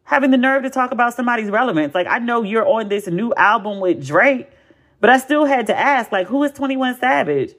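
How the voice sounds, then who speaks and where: An American woman in her forties hosts a podcast and chats casually in a blunt, animated way, with lots of profanity and emphatic repetition. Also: a little high, a little fast. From United States. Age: 40s. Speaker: podcast host. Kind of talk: casual chat.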